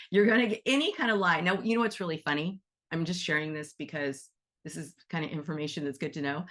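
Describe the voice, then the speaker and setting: A woman with a somewhat low voice leads a casual teaching session on energy work with animals. She talks in a chatty, demonstrative way and laughs easily. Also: a bit bright.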